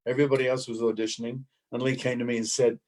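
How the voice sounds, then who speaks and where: A man's voice: mid-range voice, quick pace. Australian older man telling stories. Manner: lively, acts out other people's lines in quotes. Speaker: guest actor. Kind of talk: anecdotal storytelling.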